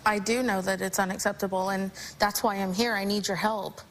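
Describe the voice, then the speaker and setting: Halting remorseful young woman guest. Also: mid-range voice, flat delivery, slight background noise, low-quality recording. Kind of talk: confessional talk show guest.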